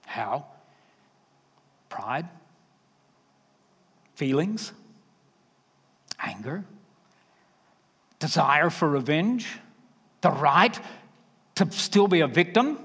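Southern preacher in a reverberant hall. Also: male voice, a little high, very animated, extremely slow, long pauses, slightly rough. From Alabama. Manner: emphatic, varies loudness, drops to quiet asides. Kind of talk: sermon.

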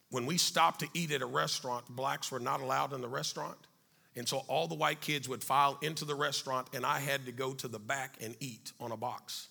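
A middle-aged man telling a life story to an audience, animated and then dropping quiet and serious. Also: fairly high pitch, creaky. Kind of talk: storytelling talk.

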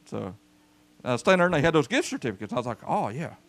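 A pastor tells a folksy story from the pulpit and calls out to his congregation. His voice sits a little high and has a gravelly edge. His pitch swings widely as he acts out the scenes. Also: big pitch swings, quick pace. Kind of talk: storytelling sermon. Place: church service.

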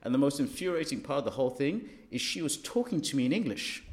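A man from South Africa hosting a casual group discussion, talking in a thoughtful, halting way with fillers. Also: medium pitch, very animated.

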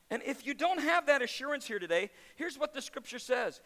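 A man preaching a sermon as a pastor, swinging between quiet, intimate low passages and loud, emphatic peaks. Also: big pitch swings, brisk, few pauses. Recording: long reverb of a large hall.

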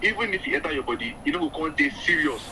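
A male doctor explaining vaccines on radio in Nigerian Pidgin, patient and clear. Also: on the high side, animated, racing, bright, forceful tone, slight background noise, rough recording. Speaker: doctor guest.

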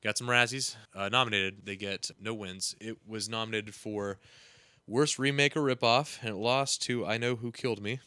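A man with a lowish, bright, forceful voice hosts a casual movie review podcast. He steers the talk between segments and swears freely, and his voice sits dry and close to the mic. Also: fairly even intonation, clear, resonant tone, dry recording. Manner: leads segments, swears casually, quick laughs. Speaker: podcast host.

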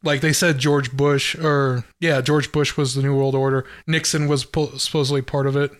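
A man's voice: medium pitch, flat delivery, moderate pace. A man from Wyoming co-hosting a podcast in casual, rambling chat and laughing often. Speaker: podcast co-host.

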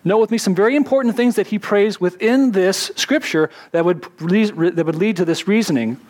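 A man's voice: high-pitched, darkish tone. Earnest man preaching a sermon. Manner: earnest, slows down to stress key words. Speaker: pastor.

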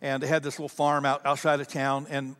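Guy preaching a story to the crowd, lively, repeats himself a lot, big reverby hall sound. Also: medium pitch, a little fast. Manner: animated storyteller, repeats words, addresses the audience. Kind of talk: sermon storytelling.

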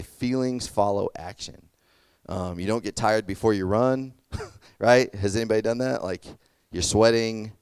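A man's voice: lowish voice, a little mellow, clear, resonant tone, dry recording. A young man giving a casual sermon, chatty and full of fillers, checking in with "okay?" and "does that make sense?". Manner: conversational, lots of fillers and "okay?" check-ins. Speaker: youth pastor.

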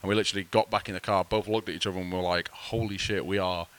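A man's voice: sits low, level tone, racing, noisy background. A man co-hosting a podcast, telling a laid-back story in casual chat with some swearing. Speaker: podcast co-host.

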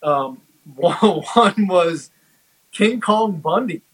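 High-voiced man chatting, halting. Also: expressive, breathy edge, rough recording. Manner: halting, many fillers and restarts. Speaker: podcast co-host. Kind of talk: casual chat reviewing a comedy special.

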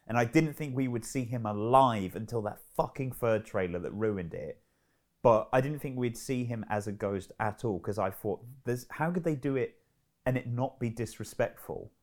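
A man co-hosting a casual film podcast, animated and swearing freely as he rants. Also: mid-range voice. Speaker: podcast co-host.

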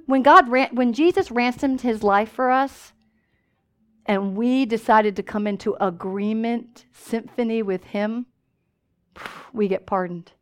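A woman preaching a sermon in a church, telling stories with lively call-and-response asides. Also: high voice, measured pace.

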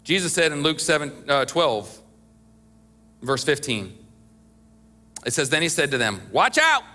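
A man's voice: a little high, lively intonation, a little slow, sharp tone. A middle-aged man preaching a sermon as pastor, talking conversationally with emphatic bursts and small chuckles.

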